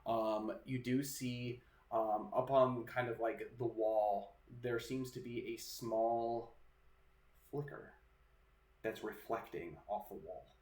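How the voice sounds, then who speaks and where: A man narrating as game master of a tabletop role-playing game, describing scenes in a relaxed way. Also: mid-range voice, slow pace, echoey room.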